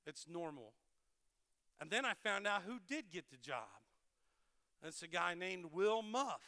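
A middle-aged man, a pastor, preaching a sermon with animated storytelling and playful self-deprecating humor. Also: high-pitched, unhurried, long reverb tail. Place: large church hall.

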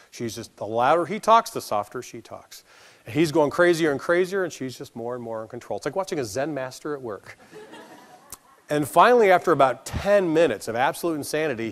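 Animated American man giving a keynote. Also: medium pitch. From United States. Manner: animated storyteller, acts out voices, laughs along. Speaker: keynote speaker. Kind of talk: conference keynote with anecdotes. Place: conference hall stage.

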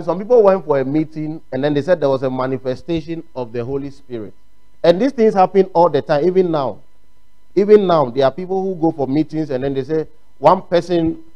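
A man's voice: a little high, a little mellow, highs cut off. A man with a Ghanaian English accent preaching a sermon, emphatic and repeating his points, acting out quotes. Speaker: pastor.

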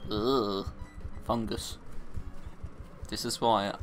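A young man giving casual gameplay commentary, excitable and crying out in high-pitched dismay when things go wrong. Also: measured pace, pauses often, soft background music. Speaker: let's play gamer.

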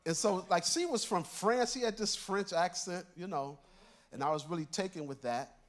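A man's voice: high voice, moderate pace. An older man, a church elder, preaching a sermon by telling a personal story in a conversational way and chuckling through his lines.

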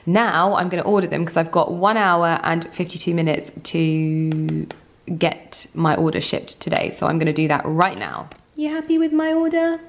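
Chatty woman vlogger, lowish voice. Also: fairly even intonation, normal speed, vocal fry. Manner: chatty, with frequent fillers like "like" and "um"; drops to soft, hushed speech at night. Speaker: lifestyle vlogger. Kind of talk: casual chat to camera. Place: at home.

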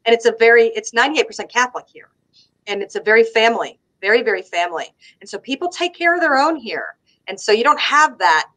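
Southern American woman guest, middle-aged, lively anecdotal chat, slightly high voice. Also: poor audio. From United States. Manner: animated storyteller, laughs often. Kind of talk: casual conversation on a live stream.

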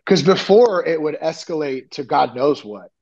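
A man tells his story in a loose, rambling way, full of "like" and "you know". His voice sits somewhat high. The audio sounds dull and lo-fi. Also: moderate pace. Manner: rambling, frequent "like" and "you know", animated retellings. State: nearly ten years sober. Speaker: podcast guest, recovery coach. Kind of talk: candid conversational storytelling.

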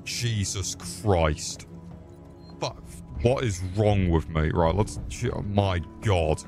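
A man's voice: sits low, takes it slowly, faint music behind. A young man swearing and mocking himself while streaming a game. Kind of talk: crude live-stream commentary.

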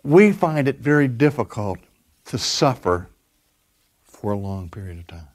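An older man, a pastor, preaching a sermon and telling stories, dropping his voice soft and then pushing it strong for emphasis. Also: medium pitch, big pitch swings, a little slow. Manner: storytelling, varies loudness from soft to emphatic.

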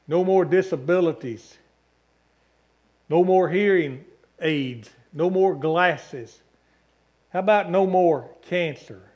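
In a church sanctuary, a pastor delivers his sermon in a slightly high voice, though the audio sounds dull. His preaching is emphatic, stacking up long repeated lists and asking the congregation for amens.

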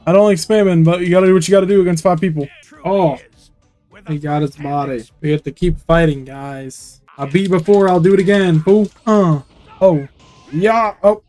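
A young man giving let's-play commentary, excitable and swearing often as he rants at the game he is playing. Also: high voice, moderate pace. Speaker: gaming YouTuber. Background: faint game music.

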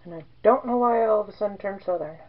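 A woman's voice: medium pitch, fast talker, vocal fry, muffled recording. A woman in her forties chatting casually as she demonstrates soap making, rambling into joking asides. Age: 40s.

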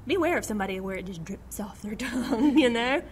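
With a fairly high pitch and a slightly fast pace, a middle-aged woman animatedly guides a small group through Bible study. She reads scripture out loud, acts out quotes and laughs a lot, over a little hiss or hum.

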